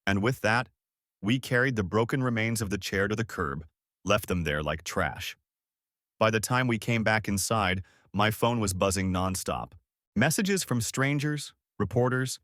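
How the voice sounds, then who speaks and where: Male storyteller, dramatic first-person narration, animated pitch, dry close sound. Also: no room sound.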